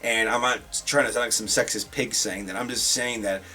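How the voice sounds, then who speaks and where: A man's voice: lowish voice, fairly even intonation, moderate pace, pushed and bright, faint music behind. A man earnestly explaining his view as a reaction panelist. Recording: distant mic.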